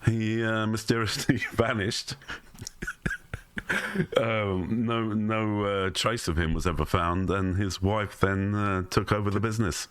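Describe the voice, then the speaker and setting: A man's voice: fairly low pitch, steady tone, measured pace, fairly bright tone, clean tone, no echo. A man co-hosting a comedy podcast, chatting casually with lots of ums, restarts and chuckles. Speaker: podcast co-host.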